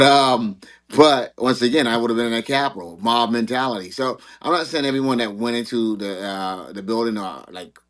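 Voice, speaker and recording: A man's voice: lowish voice, a bit bright. Rambling man hosting a panel. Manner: rambling, repeats words, laughs at himself. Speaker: show host. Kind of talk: casual panel discussion.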